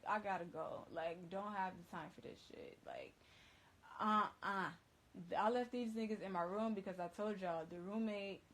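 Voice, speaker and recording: A woman DJ talks straight into her phone on a livestream, telling a story in a loose, casual way. She is emphatic and swears freely, and keeps dropping "like" and "bruh" into her sentences. Her voice sits at an ordinary, middle pitch. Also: poor audio. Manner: emphatic, profane, fills with "like" and "bruh".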